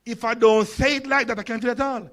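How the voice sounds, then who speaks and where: A Jamaican man in his sixties gives a humorous keynote with a slight stutter and lisp. He tells stories and puts questions to the crowd in a notably high voice. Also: fairly even intonation, fast, fairly bright tone. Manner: storytelling, engages audience with questions. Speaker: conference speaker.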